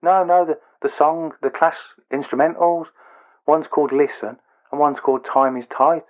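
A man's voice: on the high side, fairly even intonation, normal speed. Lo-fi man in casual chat. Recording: dull lo-fi sound.

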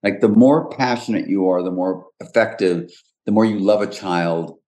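A man's voice: lowish voice, normal speed, warm tone. An older man hosting a podcast, telling stories in a chatty way and laughing often. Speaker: podcast host. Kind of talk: casual chat.

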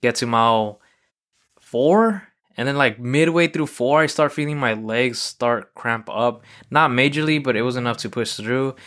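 Man, smooth clear voice, mid pitch, casual solo podcast talk, rambling, filler-heavy storytelling. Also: moderate pace, few pauses, fairly bright tone. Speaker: podcast host. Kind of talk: casual solo recap monologue.

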